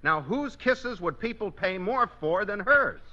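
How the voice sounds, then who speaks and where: A man playing a joking sidekick with rapid wisecracks in 1940s radio comedy. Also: high-pitched, animated, pushed and bright, full character voice. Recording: dull lo-fi old radio, faint hiss.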